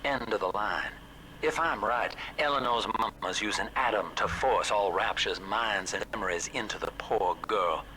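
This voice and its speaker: A man's voice: on the low side, moderate pace, sharp tone, slight background noise, rough recording. An actor playing a wry older male guide speaking over the radio, folksy and conspiratorial, calling the hero chief and son. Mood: urgent.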